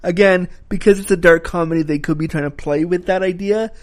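A man's voice: high-pitched, fairly even intonation, a little fast. A man giving a casual spoken film review, talking frankly and critically, with the occasional swear word.

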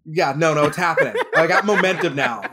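High-voiced man telling animated stories. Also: quick pace, a crowd in the background. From Texas. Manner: animated, laughs through his own stories. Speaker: drama teacher and podcast regular. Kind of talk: casual comedic storytelling.

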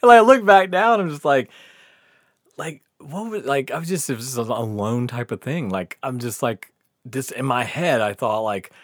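A man's voice: mid-range voice, lively intonation, moderate pace, fairly bright tone, dry recording, clean studio sound. A man telling a wild story in casual chat, laughing often, swearing freely and acting out what people said. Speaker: podcast host telling a story.

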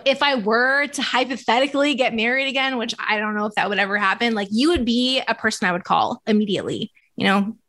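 A woman's voice: medium pitch, a bit bright. A woman in her thirties hosting a podcast, chatting casually with a close friend and laughing often. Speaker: podcast host. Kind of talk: casual chat.

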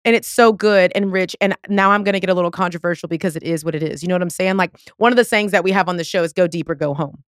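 A woman's voice: lowish voice, very fast, hardly any pauses, no echo, studio quality. A woman in her thirties hosting a podcast, chatting casually and effusively, quoting herself as she goes. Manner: effusive, talks through laughs and quotes herself. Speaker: podcast host. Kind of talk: casual chat.

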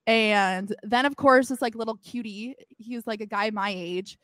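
A young woman in her twenties, a podcast co-host, telling a story in casual chat, filling it with "like" and acting out quotes in a loud voice. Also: on the high side, normal speed, no echo. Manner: animated storytelling, acts out quotes loudly; heavy use of "like".

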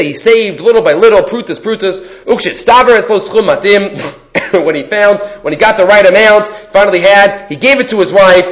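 Brief: high-pitched male Torah teacher, casual lecture, drops in Hebrew terms. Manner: mixes in Hebrew terms, often asks "right?".

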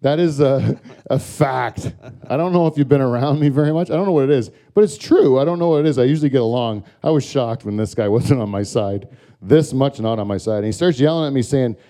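Profane, ranting comedy host. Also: male voice, medium pitch, fairly quick, mellow. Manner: profane, ranting, with frequent filler words. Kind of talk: comedic storytelling monologue.

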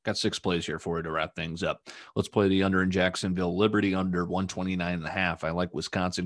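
A man co-hosting a sports betting podcast, rattling off picks in a rapid-fire, upbeat way. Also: deep voice, flat delivery. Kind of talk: casual podcast chat.

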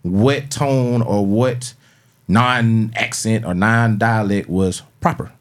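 A man with a lowish voice talks on a casual podcast, working through questions out loud. He rambles, circles back and curses casually as he thinks. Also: takes it slowly. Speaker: podcast co-host.

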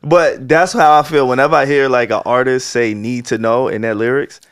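A man hosting a podcast in casual chat, animated and quick to laugh. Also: mid-range voice, clear, resonant tone, dry recording, studio quality. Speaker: podcast host.

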